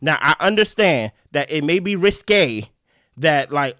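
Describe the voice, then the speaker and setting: A fairly high-voiced man co-hosting a podcast dissects a game strategy in a laid-back recap. He talks fast with animation, often adding "right?", in a close, dry recording with no room sound.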